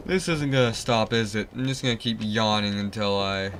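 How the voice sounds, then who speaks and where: A man's voice: on the low side, normal speed, fairly bright tone, a little hiss or hum. A young man streaming a video game, rambling and easily exasperated, sleepy and yawning as he complains. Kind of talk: casual live-stream commentary.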